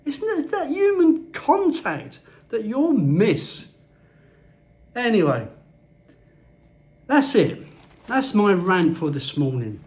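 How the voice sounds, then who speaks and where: A man with a high-pitched, slightly mellow voice rants to the camera in a loose, rambling way. Blunt and freely swearing, he talks like a casual Filipino vlogger.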